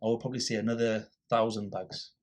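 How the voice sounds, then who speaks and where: A man's voice: lowish voice, fast. A man guest on a podcast, casually telling a story and acting out the people in it. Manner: animated storyteller acting out quoted exchanges.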